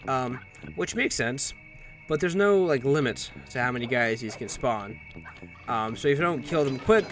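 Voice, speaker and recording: A man talks through a video game in a loose, rambling way, joking, cursing and correcting himself mid-sentence. His pitch sits in the ordinary middle range, with game music playing clearly behind him. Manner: rambling, jokey, swears, self-corrects. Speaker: let's play commentator. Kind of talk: casual gameplay commentary.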